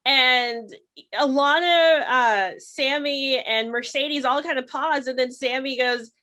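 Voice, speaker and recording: A young woman co-hosts a podcast, speculating and rambling in a relaxed way. Her voice sits a little high and rings bright. She talks freely, with plenty of "like" and "you know.". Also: slow pace. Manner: chatty, speculative, full of fillers and restarts. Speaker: podcast co-host. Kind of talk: casual TV recap chat.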